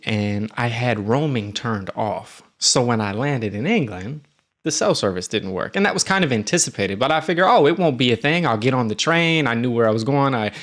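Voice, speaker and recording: A man casually telling a travel story on his stream, animated and jumping into quoted voices. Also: mid-range voice.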